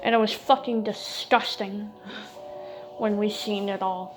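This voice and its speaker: A woman's voice: medium pitch, fairly even intonation, a little slow, music in the background, low-quality recording. A woman casually telling a creepy true story, cursing freely and retelling what everyone said. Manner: casual, swears freely, retells talk with "I'm like".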